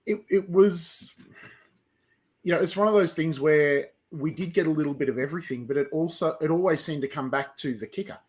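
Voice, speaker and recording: A man's voice: on the high side, fairly quick. A man with an Australian accent, a guest writer on a sports podcast, laid-back and wry. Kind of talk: casual sports chat.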